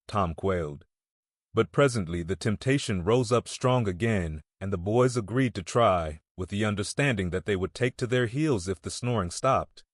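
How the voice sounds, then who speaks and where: Low-voiced man narrating an audiobook. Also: animated, dry recording, clean studio sound. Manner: measured storytelling reading. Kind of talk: scripted narration.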